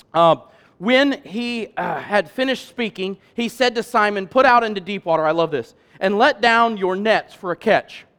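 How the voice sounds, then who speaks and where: A man preaching a sermon as pastor, talking in a loose conversational way and building to loud, emphatic peaks. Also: high voice.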